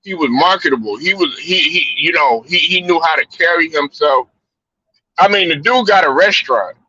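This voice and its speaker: A male podcast host runs a casual sports chat show, telling loose, rambling stories and swearing freely. His voice is a little high, pushed and bright with a breathy edge, at normal speed. The recording has no echo but sounds like dull lo-fi stream audio.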